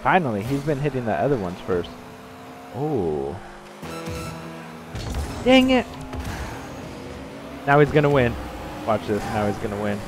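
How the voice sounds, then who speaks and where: A man giving excitable gameplay commentary, shouting reactions and trading playful trash talk. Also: medium pitch, a little slow, pauses often, music in the background. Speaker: gaming channel host.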